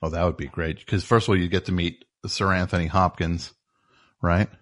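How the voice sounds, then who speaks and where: A man's voice: low voice, normal speed. A man hosting a call-in show, joking and bantering with callers in a wry way. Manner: joking, wry, lively delivery. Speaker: radio call-in show host.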